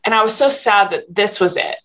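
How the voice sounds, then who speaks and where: A podcast host in her thirties, with a medium-pitched and slightly bright voice, tells a personal story. She's candid and rambling, with lots of restarts and fillers.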